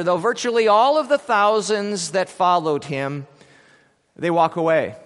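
A male pastor giving an Easter sermon, telling a story dramatically, swinging between loud declaiming and quiet moments. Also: fairly high pitch, big-room sound. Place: church.

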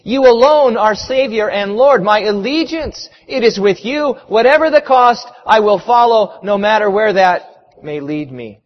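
A devoted disciple proclaims his loyalty fervently, his voice climbing high, as a preacher puts him on. The words ring through a long hall echo. The sound is slightly muffled. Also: lively intonation, takes it slowly, long pauses, full character voice. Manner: fervent, emphatic declaration.

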